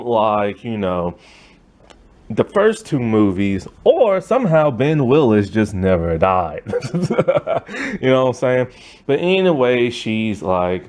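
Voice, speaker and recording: A man giving a casual, rambling movie review rant, loose and exasperated, with lots of filler words. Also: lowish voice.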